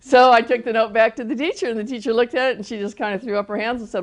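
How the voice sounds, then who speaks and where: A woman's voice: a little high, normal speed, long pauses. Older woman telling a testimony. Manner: storytelling with frequent restarts. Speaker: Christian teacher. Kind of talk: personal testimony talk.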